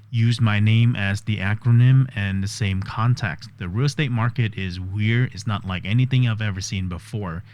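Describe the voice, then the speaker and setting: A man testing an AI voice assistant, chatty and quick to interrupt, with a few voice-over comments. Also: on the low side, a little mellow, dry recording. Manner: chatty, interrupts often, laughs easily. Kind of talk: casual talk with an AI and voice-over commentary.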